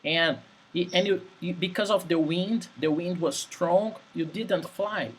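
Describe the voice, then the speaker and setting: Male English teacher, husky, patient, repeats examples. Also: high voice, measured pace, rough recording. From Brazil. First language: Portuguese. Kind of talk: conversational English lesson.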